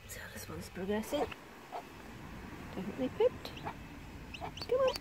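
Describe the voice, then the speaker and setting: A woman keeping chickens, talking softly and dotingly to her hens and new chicks outdoors by the coop. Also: fairly high pitch, huge pitch swings, moderate pace, background noise. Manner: soft, doting, talks to the birds. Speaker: backyard chicken keeper. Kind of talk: cooing chat to hens and chicks. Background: clucking hens and cheeping chicks.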